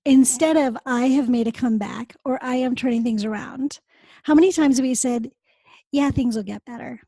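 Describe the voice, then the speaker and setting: A woman's voice: high voice, normal speed, warm tone, no room sound. A woman hosting a podcast, talking earnestly and speaking straight to her listeners. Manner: earnest, addresses listeners directly. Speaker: podcast host. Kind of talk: casual podcast conversation.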